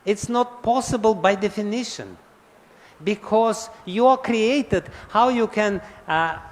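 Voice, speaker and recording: A man's voice: high-pitched, slow. A man giving a scripture lecture to an audience, often asking them questions and chuckling as he explains. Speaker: spiritual lecturer. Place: large temple hall. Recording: long hall reverb.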